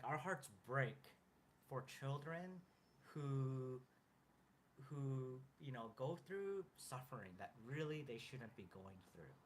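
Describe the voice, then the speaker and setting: Earnest man talking in halting restarts. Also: mid-range voice, slight background noise. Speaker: co-host. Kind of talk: casual chat.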